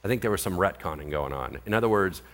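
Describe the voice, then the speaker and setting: A male pastor preaching a sermon in an animated, conversational way, full of rhetorical questions. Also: low-pitched, quick pace.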